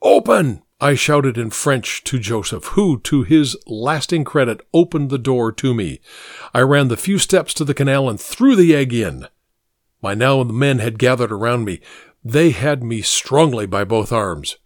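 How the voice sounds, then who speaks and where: Brief: male narrator, middle-pitched, measured reflective storytelling, dry close recording. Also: animated, no echo.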